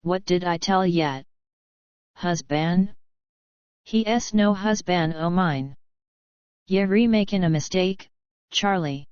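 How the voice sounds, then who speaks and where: A woman's voice: lowish voice, takes it slowly, pauses often, darkish tone, smooth, no echo, dull audio. A woman voicing a bold, scheming Irish-Australian widow, speaking with an Irish brogue mixed with a bush drawl. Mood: defiant. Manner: mellifluous, brazen.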